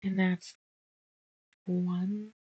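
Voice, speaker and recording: A woman's voice: on the low side, level tone, drawn-out words, mellow, slightly rough, no echo, highs cut off. A woman hosting a casual sew-along, muttering measurements and chatting while she sorts fabric pieces. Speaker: quilting channel host.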